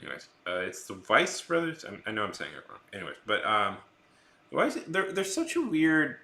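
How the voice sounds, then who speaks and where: A man's voice: lowish voice, wildly swooping pitch, a little fast, sharp tone. A young man streaming his art and chatting casually to his viewers. He rambles and jokes, often restarting his sentences. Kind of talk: casual chat with a live stream audience. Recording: roomy echo.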